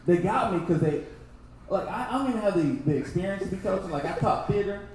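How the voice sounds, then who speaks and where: A young adult man from Texas doing a loose, laughing stand-up set that keeps jumping into loud impressions. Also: high voice, animated, fast talker. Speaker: stand-up comedian. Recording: very echoey room, faint noise.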